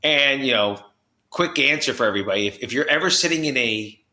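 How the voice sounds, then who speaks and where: Bright, high-energy man from New Jersey. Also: animated, brisk. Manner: high-energy, many restarts and "you know"s, acts out quotes. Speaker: podcast guest. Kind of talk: animated storytelling in conversation. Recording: roomy echo.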